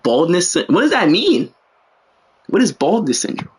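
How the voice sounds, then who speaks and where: A young man calls a game live on stream, cracking jokes and wandering off into slangy asides between plays. His voice sits a little on the high side for a man. The tone stays loose and casual. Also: sing-song, normal speed. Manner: joking, rambling, slangy asides. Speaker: game commentator. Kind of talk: casual livestream play-by-play commentary.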